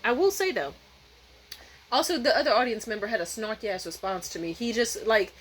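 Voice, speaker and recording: A woman's voice: fairly high pitch, expressive, fairly quick, a little hiss or hum, rough recording. A woman vlogger telling a rambling, profane, candid story in a casual way, often restarting her sentences.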